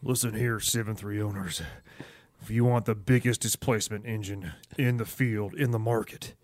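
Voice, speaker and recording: A man playing a brash TV ad pitchman, giving a mock-commercial sales pitch full of rhetorical questions. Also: fairly even intonation, normal speed, no room sound, lightly acted. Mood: mock salesy. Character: brash male TV ad pitchman selling diesel trucks.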